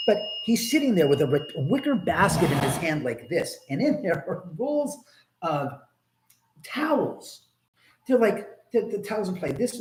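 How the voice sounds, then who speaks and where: A middle-aged American man with an American accent, hosting a live stream and telling stories in a casual, animated way, swearing and laughing as he goes. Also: a little high, poor audio.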